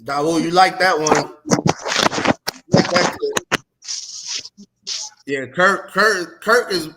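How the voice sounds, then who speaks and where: A man's voice: high-pitched, takes it slowly, pauses often, background noise. A man co-hosting a podcast, loose and dismissive in casual banter, often laughing things off. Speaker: podcast co-host.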